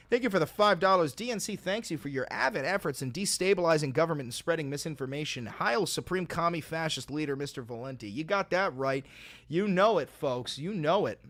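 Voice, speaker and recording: Sarcastic livestreamer with a higher voice. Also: male voice, lively intonation, moderate pace. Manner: sarcastic, swings from loud mock rants to low dry replies. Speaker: livestream host reading donations.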